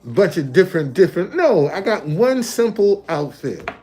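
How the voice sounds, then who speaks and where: A man's voice: high voice, big pitch swings, normal speed, darkish tone. A man talking casually on a livestream from a hotel, looping back and repeating his points. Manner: repetitive, loose conversational, restates points. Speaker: live streamer.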